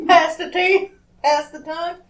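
A woman with a Southern US accent, joking through a family taste test in a drawn-out, sing-song, teasing way. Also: very high voice, steady tone. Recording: echoey room, faint music.

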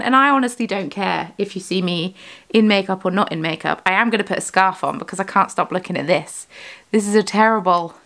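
With the hiccups, a British yarn dyer and vlogger talks casually from her home studio, where she hosts a crafting vlog. Her voice sits fairly low and a bit bright, and she rambles, fixing her words as she goes.

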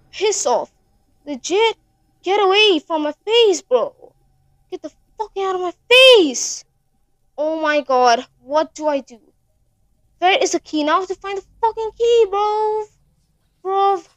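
A woman narrating her own horror game playthrough, panicky and swearing, talking straight to her viewers. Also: extremely high pitch. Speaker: gaming channel host.

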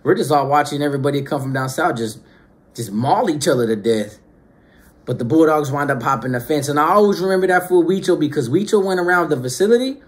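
A slangy man from Northern California recounts his youth to camera, his higher voice lively in intonation and quick in pace. He swings between hushed asides and raised bursts of street slang.

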